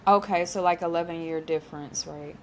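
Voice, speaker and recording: A woman's voice: lowish voice, steady tone, fairly quick, slight background noise. A woman hosting a podcast, asking questions in a friendly, curious, casual way with lots of "like" fillers. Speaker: podcast host. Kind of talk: casual interview chat.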